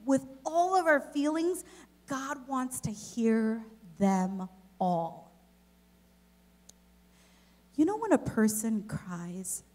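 A woman giving a children's message at a church service, telling a personal story in an expressive, gentle way to the kids and then to the families. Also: high-pitched. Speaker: children's director. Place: church service, in front of a congregation.

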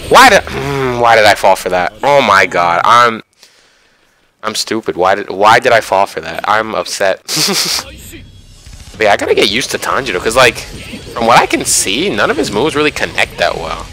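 A young man giving excited, self-mocking commentary over his own online fighting game matches, often yelling at big moments. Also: on the low side, moderate pace. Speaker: gaming YouTuber. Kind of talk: live gameplay commentary. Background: background music.

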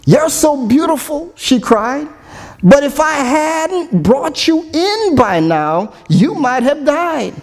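A man's voice: extremely high pitch, big pitch swings, slow pace, big-room sound, pitched above the performer's own voice, heavily acted. A man voicing a tender-hearted woman in a recited song, crying out in a raised voice. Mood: doting. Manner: raised, cried-out voice. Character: tender-hearted woman, kindly then frightened.

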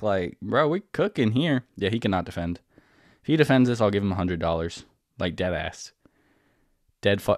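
A young man giving casual, excitable commentary over his own gameplay, swearing and breaking into sudden loud outbursts. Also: fairly low pitch, no echo, studio quality. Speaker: gaming video creator.

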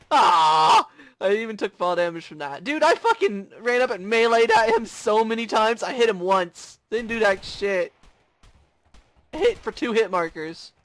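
A man hosting casual gameplay commentary, excitable, often screaming and swearing. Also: high-pitched, measured pace, long pauses, dry recording. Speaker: gaming channel host.

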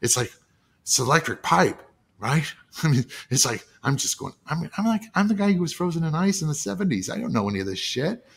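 An animated middle-aged man whose voice swings up and down as he tells a story, now and then laughing and acting out what people said. He sounds like a TV writer chatting loosely on a podcast. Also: on the high side, a little fast, vocal fry, slightly rough. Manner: animated, laughing storyteller who acts out quotes. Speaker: TV writer and producer, guest. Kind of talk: casual storytelling chat.

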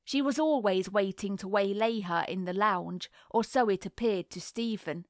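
A woman narrating a classic novel as an audiobook in a measured, unhurried reading. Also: medium pitch, dry recording, studio quality.

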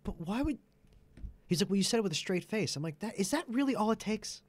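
A man telling funny stories in casual comedic chat, with deadpan fibs and laughter at his own jokes. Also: sits high, fast talker. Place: studio.

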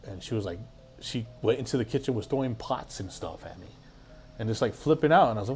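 A man's voice: mid-range voice, fast talker, a little mellow, slight background noise. A man guesting on a podcast, telling a story in a rambling, casual way full of filler words and swearing.

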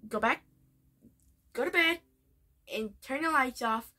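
A woman's voice: high voice, expressive, slow pace, sharp tone, heavily acted. Woman putting on a bratty whiny cartoon boy. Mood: defiant. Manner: whiny, petulant. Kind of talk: retelling a cartoon scene.

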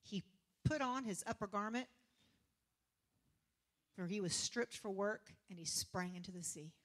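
A woman preacher, giving a lively sermon full of laughter, casual slang and sarcastic humor. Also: mid-range voice, a little slow.

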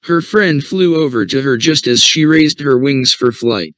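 Male storyteller, mid pitch, measured scripted reading, muffled dry recording. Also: a bit bright, dry recording. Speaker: storyteller for English learners.

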